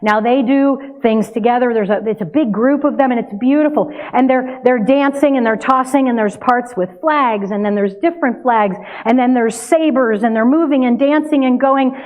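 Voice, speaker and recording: An older woman giving a sermon, telling a family story in a conversational, lively way. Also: a little high, normal speed, few pauses. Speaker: minister. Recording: tinny phone-like sound.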